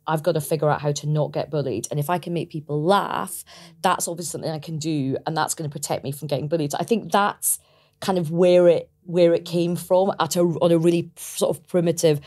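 A Scottish woman in her forties chats as a podcast guest, lively and quick to laugh. Her voice sits on the low side for a woman, and she tells her stories with plenty of animation. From Scotland. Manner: lively storyteller, laughs often, mimics her parents. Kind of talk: casual interview chat.

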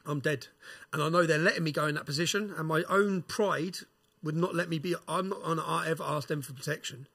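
On a podcast, a male guest tells a rough story in casual style, animated and quick, swearing and using slang. His voice sits high and sounds husky with a bright edge.

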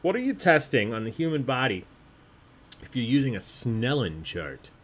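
A man's voice: mid-range voice, very animated, normal speed. A man hosting an online trivia game, chatty and jokey, often laughing as he reads out answers. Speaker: trivia host.

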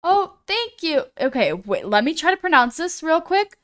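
A woman's voice: high-pitched, very animated, normal speed, a bit bright. A woman streaming live, chatting casually as she reads viewers' messages aloud, often stumbling over names and apologizing.

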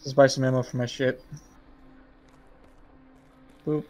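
A man's voice: mid-range voice, slow pace. A young man giving frantic, swearing commentary while playing a game with friends. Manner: excitable, swearing, yelps and repeats words under pressure. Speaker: gaming YouTuber. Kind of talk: live gameplay commentary with friends.

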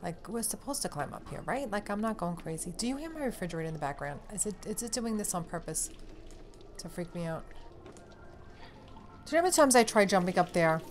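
A woman giving casual commentary on a horror game she is playing at home, excitable and talking straight to her viewers with plenty of swearing. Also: medium pitch, quick pace, slight background noise. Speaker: let's play gamer. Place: home room. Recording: game music behind voice.

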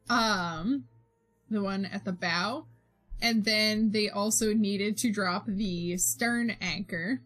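Slow-talking young woman rambling on stream. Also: a little high, a bit bright. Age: young adult. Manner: rambling, filler-heavy recap with frequent laughs. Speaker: streamer and game master. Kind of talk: casual chat while drawing on stream.

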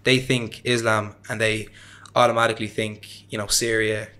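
A young man from Ireland, appearing as an interview guest, speaks at normal speed in a lowish, sharp voice with little pitch movement. His casual storytelling is chatty and meandering, filled with fillers and laughs at himself.

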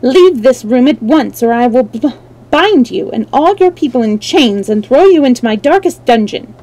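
A vain, short-tempered princess who draws out her words in an imperious way, as a woman storyteller puts her on. The voice has a mellow, soft tone. It is storybook reading. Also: on the high side, expressive, normal speed, close to an everyday voice, rough recording. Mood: furious.

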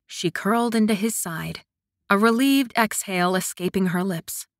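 A woman narrating a romance audiobook in a soft, intimate storytelling manner. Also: medium pitch, moderate pace, dry recording, clean studio sound. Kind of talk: scripted narration.

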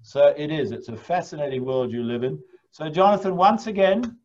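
A man hosting an interview chat, speaking in a measured, appreciative way over a video call. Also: a little high, expressive, lo-fi sound. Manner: measured, appreciative, laughs along. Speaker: host, safari company founder.

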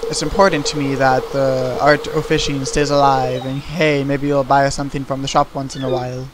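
A man voicing a gruff, friendly old fisherman in a video game, speaking loudly in a folksy sailor manner. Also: mid-range voice, flat delivery, fairly quick, noisy background, close to an everyday voice. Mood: hearty.

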